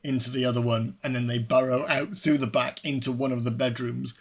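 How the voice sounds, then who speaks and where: Welsh male podcast co-host, husky voice, laughing, swearing, chatty review. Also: mid-range voice, a little fast. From Wales. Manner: animated, laughing, swears freely. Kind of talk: casual film review chat.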